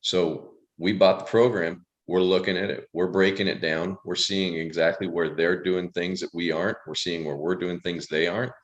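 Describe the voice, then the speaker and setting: Casting: deep-voiced male co-coach, measured and explanatory, on a video call. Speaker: co-coach and guest. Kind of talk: conversational business talk.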